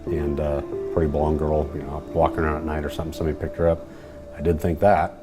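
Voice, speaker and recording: A middle-aged man, father of a missing woman, speaking haltingly in an interview with many restarts. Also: rumbling low, little pitch movement, loud music behind the voice. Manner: halting, full of restarts and fillers.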